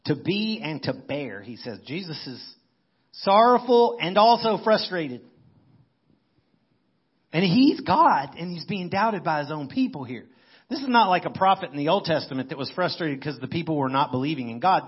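A man's voice: a little high, animated, moderate pace, breathy edge, muffled recording. A man preaching a sermon in a conversational way, as if thinking aloud. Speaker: pastor.

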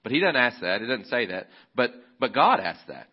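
A man preaching a sermon as a pastor, relaxed and conversational, often restarting his phrases. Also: medium pitch, normal speed, breathy edge, dull audio.

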